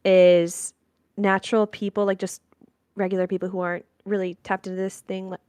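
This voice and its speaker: A woman speaking earnestly on a podcast, pausing to search for her words. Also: medium pitch, flat delivery, darkish tone, a little hiss or hum. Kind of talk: casual discussion.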